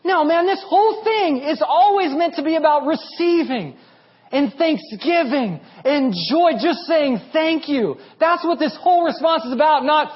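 Pastor, man, 30s; high, animated voice; funny storytelling sermon; muffled recording. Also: unhurried.

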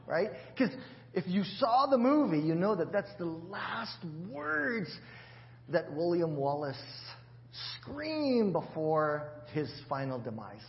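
A man's voice: high-pitched, sing-song, slow pace, lo-fi sound. A man preaching a sermon in a church, in a chatty, joking way with many restarts. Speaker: pastor.

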